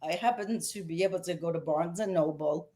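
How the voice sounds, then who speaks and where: A woman's voice: fairly low pitch, fairly quick. A woman with a Brooklyn accent, a guest author telling stories emphatically in a casual interview. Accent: Brooklyn New York. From Brooklyn, New York. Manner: emphatic, animated storyteller.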